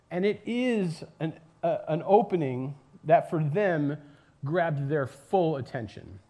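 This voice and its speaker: A man preaching a sermon in a casual, animated storytelling way, with lots of fillers and asides. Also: fairly high pitch. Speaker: pastor. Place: church.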